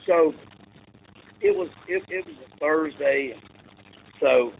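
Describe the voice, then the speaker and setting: Male coach guest, gravelly, lively storyteller, tinny remote line. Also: on the high side, slow. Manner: rambling, animated storyteller who acts out quotes. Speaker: football coach. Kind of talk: casual storytelling interview. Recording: tinny phone-like line with faint noise.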